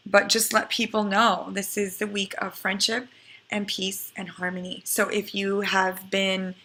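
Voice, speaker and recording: A woman's voice: mid-range voice, little pitch movement, unhurried, bright, forceful tone. A middle-aged woman giving a casual, earnest weekly spiritual forecast, talking in a chatty, heartfelt way. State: fighting back tears.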